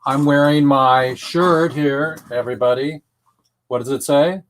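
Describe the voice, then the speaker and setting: A man hosting an online talk show, speaking casually with many pauses, ums and restarts. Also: medium pitch, fairly even intonation. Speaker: web show host.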